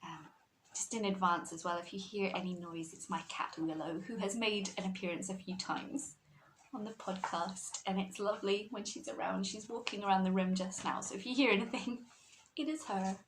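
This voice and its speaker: A woman's voice: mid-range voice, fairly even intonation, normal speed, background noise. A woman hosting a knitting podcast, chatting casually to camera from a room at home in a rambling, digressive way.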